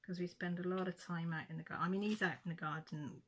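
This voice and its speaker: A middle-aged woman with a fairly low voice, chatting away to her viewers. She tells her story in a loose, rambling way, often restarting and correcting herself mid-sentence. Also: fairly even intonation, fast, fairly bright tone, slight background noise. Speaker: craft vlogger. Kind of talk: casual chat, storytelling.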